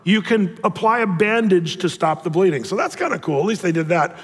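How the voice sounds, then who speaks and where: A man's voice: high voice, brisk, husky. A man preaching a sermon, telling Bible stories with humor and acting out the people in them. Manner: animated storytelling, acts out voices. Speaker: pastor. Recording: reverberant hall.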